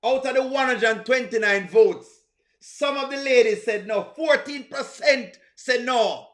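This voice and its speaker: A man's voice: very high voice, a little slow, fairly bright tone. A man with a Jamaican accent hosting a live reaction stream, teasing and greeting viewers in the chat. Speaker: livestream host. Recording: echoey room.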